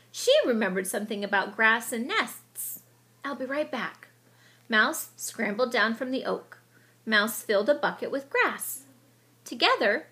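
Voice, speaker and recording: A woman reading a children's picture book aloud with expressive storytelling, and she sometimes stops to explain the story. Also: fairly high pitch, vocal fry.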